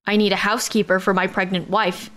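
A woman voicing a huge alien man, a stern but kind father, speaking slowly and firmly in an audiobook. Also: mid-range voice, flat delivery, fairly bright tone, lightly acted. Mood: earnest.

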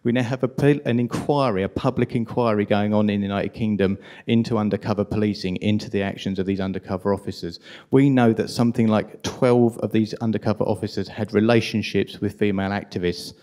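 A man with a strong London accent giving an impassioned, indignant conference talk at a rapid pace. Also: fairly low pitch, steady tone, dark tone. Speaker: conference speaker.

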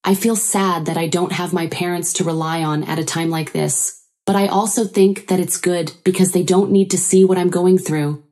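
A woman's voice: lowish voice, fairly even intonation, normal speed, mellow. A woman narrating a first-person story in an earnest, sorrowful way.

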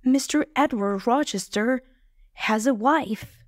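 Storybook: woman reads a composed male lawyer, slow, dry. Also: a little high, dry recording. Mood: firm. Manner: plain, slow, measured reading. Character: calm formal male lawyer.

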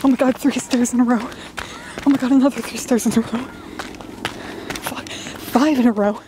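Breathless young woman vlogging outdoors on a camera mic, chatty and sweary, slightly high voice, noisy background. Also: steady tone, normal speed. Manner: chatty, sweary, talking to herself. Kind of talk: talking to a handheld camera outdoors. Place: outdoors in a park by the water. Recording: clear outdoor background noise.

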